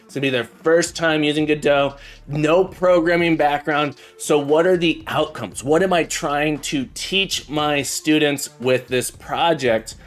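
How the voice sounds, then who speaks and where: A man's voice: a little high, measured pace. A man teaching programming on a live stream, chatting casually and joking as he greets viewers by name. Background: faint background music.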